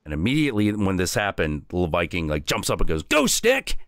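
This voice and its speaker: A man hosting a stream, telling a folk tale in a casual, crude, animated way. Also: sits low, quick pace, clean tone, no room sound, clean studio sound. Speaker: streamer host.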